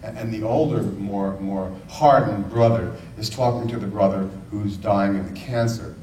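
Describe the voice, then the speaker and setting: A man's voice: fairly low pitch, moderate pace, mellow, slight background noise. Man, spiritual talk, storytelling, earnest rhetorical questions, echoey room, distant mic, faint ambience. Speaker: spiritual speaker.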